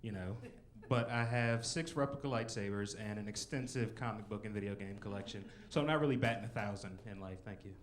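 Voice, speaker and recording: A man's voice: fairly low pitch, brisk, hardly any pauses. Self-mocking young man doing stand-up. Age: 20s. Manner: rambling, self-mocking, with frequent "you know" and "like". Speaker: stand-up comedian. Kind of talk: stand-up comedy set. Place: comedy club stage.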